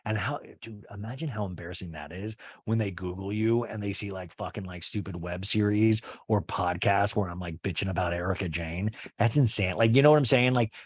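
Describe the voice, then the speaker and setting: A man's voice: lowish voice, a little fast, few pauses, slightly rough, no room sound. A young man hosting a comedic podcast, rambling through a reality-show recap in a profane, loose way with lots of "like". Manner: rambling and profane, heavy use of "like".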